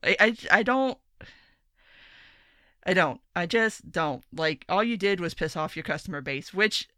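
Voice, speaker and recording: Bright, crisp woman ranting bluntly. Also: fairly low pitch, expressive, a little slow, no room sound, clean studio sound. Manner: blunt, profane, rambling rant. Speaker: podcast host. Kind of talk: solo commentary podcast.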